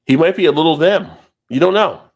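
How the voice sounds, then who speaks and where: A man's voice: a little high, brisk. A man hosting a casual live-stream chat, teasing his co-hosts with running jokes. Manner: teasing, jokey, repeats gags. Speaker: host.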